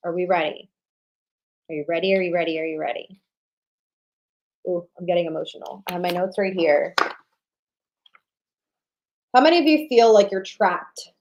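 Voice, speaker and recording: A woman hosting an online sales summit livestream, giving an emphatic motivational talk that repeats lines for emphasis and swings between loud punches and low, intimate drops. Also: low-quality recording. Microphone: livestream webcam mic.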